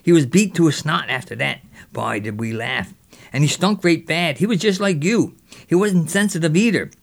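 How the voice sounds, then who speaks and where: Brief: a man playing a mischievous boy spinning a yarn, slightly high voice. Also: normal speed, gravelly. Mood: boastful. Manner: lively yarn-spinning with local dialect. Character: mischievous boy telling a raiding tale. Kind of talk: character storytelling.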